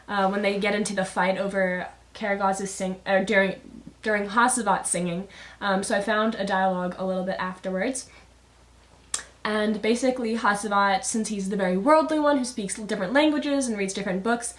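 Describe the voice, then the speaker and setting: A young woman student chatting enthusiastically as she explains her project in a home basement. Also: medium pitch. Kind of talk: casual explanatory video. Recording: echoey basement room.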